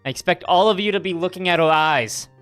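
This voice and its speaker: A man's voice: high voice, fast, fairly bright tone, smooth, faint music behind. Joking male game streamer. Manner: joking and chatty, with mock outrage. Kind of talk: casual gameplay commentary.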